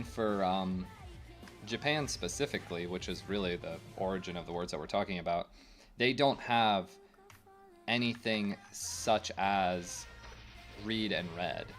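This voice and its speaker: A man's voice: fairly low pitch, a bit bright. A young man streaming a game, chatting casually to his viewers, rambling and opinionated with lots of fillers. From United States. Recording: faint game music behind.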